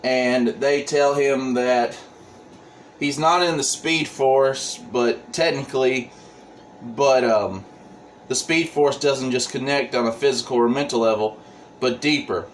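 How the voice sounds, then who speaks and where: A man's voice: mid-range voice, takes it slowly, slight background noise, rough recording. A man casually recapping a comic book plot, full of ums and restarts. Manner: rambling, many ums and restarts.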